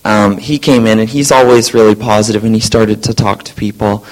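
A science teacher telling a group a lively story about his day, acting out the voices of colleagues. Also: lowish voice, brisk, low-quality recording. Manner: animated, acts out quoted voices. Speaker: science teacher sharing a testimony.

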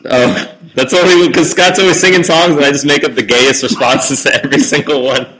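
A man's voice: fairly high pitch, steady tone, fairly quick, a bit bright, slight background noise, poor audio. A young man co-hosting a podcast, with playful, teasing banter. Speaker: co-host. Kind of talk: casual banter.

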